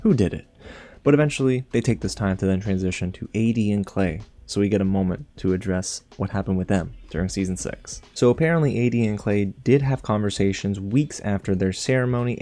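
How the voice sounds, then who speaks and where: A man recapping a reality show in casual commentary, animated and sarcastic, with big jumps in pitch on his asides. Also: brisk, soft background music. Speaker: TV show reviewer.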